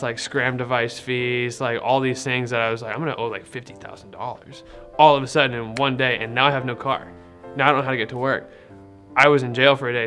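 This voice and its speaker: Bright-voiced young man telling his story. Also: mid-range voice. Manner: rambling and conversational, many fillers and retold dialogue. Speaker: person sharing a faith testimony. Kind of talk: casual personal testimony.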